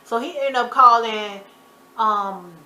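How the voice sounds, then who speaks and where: Chatty bright-voiced woman recapping TV. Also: fairly high pitch. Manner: chatty, loose storytelling with many fillers; animated, quick to loud exclamation. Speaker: YouTuber recapping a TV drama. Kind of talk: casual episode recap. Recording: echoey room, faint background noise.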